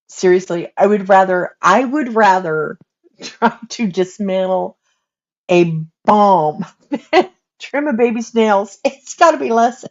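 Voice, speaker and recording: A woman's voice: medium pitch, dull audio. An older woman, an author hosting a casual livestream, chatting and laughing often while she coos at a baby.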